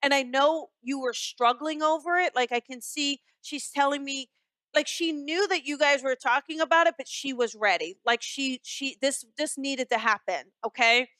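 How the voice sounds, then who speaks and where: A woman's voice: high-pitched, moderate pace, sharp tone, no room sound. A woman hosting a radio call-in show as a psychic medium. She talks in a chatty, soothing way, with many fillers, and calls her callers "honey.".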